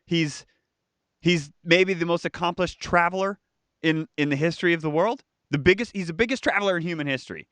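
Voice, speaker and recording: A man's voice: on the high side, brisk, no echo. A man co-hosting a live stream, chatting casually and joking with a co-host while reading viewer comments. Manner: animated, jokey, mimics voices.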